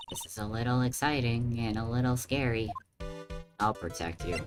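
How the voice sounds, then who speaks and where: A man's voice: mid-range voice, normal speed. A man streaming a video game, making casual joking asides over background music.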